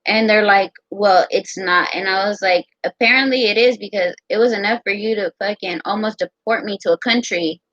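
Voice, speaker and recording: A young American woman telling a personal story in a casual, profane, animated way. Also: mid-range voice, no room sound. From United States. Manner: profane, animated, quotes others in her own voice. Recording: dull lo-fi sound.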